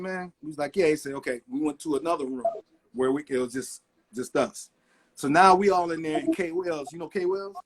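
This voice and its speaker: Man telling animated studio stories. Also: a little high, a little hiss or hum. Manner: animated storyteller acting out quotes. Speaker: record producer guest. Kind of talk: casual storytelling interview.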